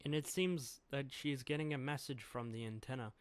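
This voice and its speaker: Casual male reviewer with a mid-pitched, dry voice who chuckles through his recap. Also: moderate pace, clear, resonant tone, dry recording. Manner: chuckles often, trails off and restarts. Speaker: comic chapter reviewer.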